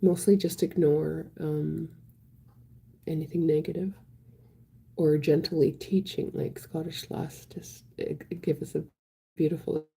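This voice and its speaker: A woman casually chatting on a live stream, reading viewer comments aloud in a soft voice that often drops to a whisper. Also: deep voice, steady tone, unhurried, creaky, breathy edge.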